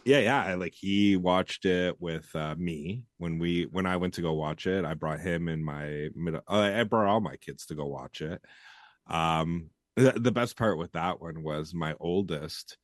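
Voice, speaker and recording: A middle-aged man from Canada with a very low, deep voice, chatting loosely as a podcast co-host. He rambles and swears freely, and the sound is close and dry with no room around it. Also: a little slow, no echo. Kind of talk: casual chat.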